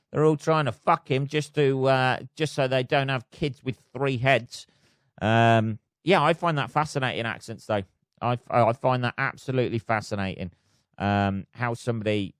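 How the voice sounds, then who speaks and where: A man's voice: mid-range voice, clear, resonant tone, dry recording, clean studio sound. A man with a Northamptonshire English accent hosting his own podcast, rambling through a casual solo chat full of swearing and fillers. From England. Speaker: podcast host.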